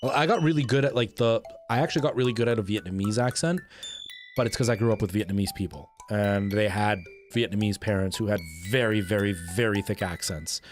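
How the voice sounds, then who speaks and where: A man's voice: lowish voice, fairly quick, soft background music. Chatty man streaming a game. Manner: rambling, chatty, with frequent restarts and excited outbursts. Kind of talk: casual livestream chat while playing.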